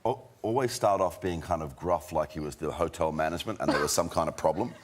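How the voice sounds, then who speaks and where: A man telling an interview anecdote, halting and laughing as he talks. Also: deep voice. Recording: loud background noise.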